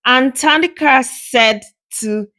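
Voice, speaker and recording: A woman's voice: high-pitched, slow, bright, forceful tone. A woman casually narrating a reality show recap in a loose, rambling storytelling way with fillers.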